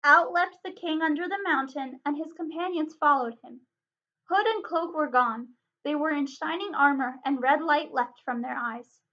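Brief: woman librarian narrating a storybook aloud, high voice, expressive and steady, muffled lo-fi sound.

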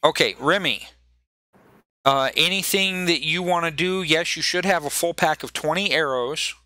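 A man runs a tabletop game, narrating in a loose, rambling style. His voice is bright and slightly high. The sound is dry and close. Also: moderate pace, no echo. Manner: loose, rambling, many fillers and restarts. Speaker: game master.

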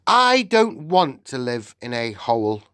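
A man voicing a loud-mouthed, greedy boy who has been turned into a mouse, blustering and shouting in an audiobook. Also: sits high, expressive, a little slow, no room sound, clean studio sound, voice pushed up. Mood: indignant.

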